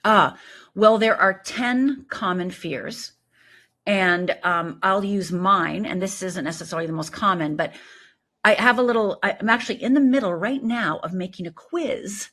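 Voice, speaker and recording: A middle-aged woman, a life coach, talking in an animated, emphatic way as an interview guest. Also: mid-range voice, normal speed. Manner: animated, emphatic, lively storytelling with quoted voices. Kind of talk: conversational interview.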